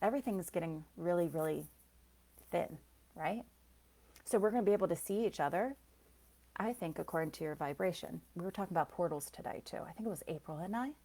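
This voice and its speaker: A woman's voice: fairly low pitch, brisk, mellow. A woman psychic reader chatting loosely on a live stream, rambling from thought to thought, laughing often and answering viewers by name. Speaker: psychic reader and soul coach. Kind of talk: casual live-stream chat.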